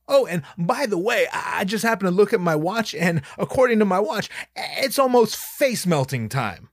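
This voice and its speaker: A man telling a personal anecdote in an animated, profane, emphatic way. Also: high voice, no echo, clean studio sound. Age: young adult. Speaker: storyteller.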